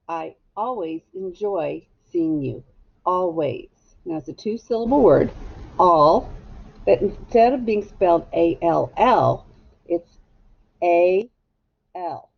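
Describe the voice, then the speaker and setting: A woman teaches a phonics lesson to young children, spelling each word slowly and patiently, one letter at a time. Her voice has a gravelly edge at a middle pitch, and she speaks at a very unhurried pace. The sound is dull and lo-fi, like a home-made video.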